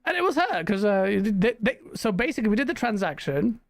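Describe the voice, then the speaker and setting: A woman hosting a gaming news stream in casual chat, rambling and animated and laughing often. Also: medium pitch, a little fast, dry recording.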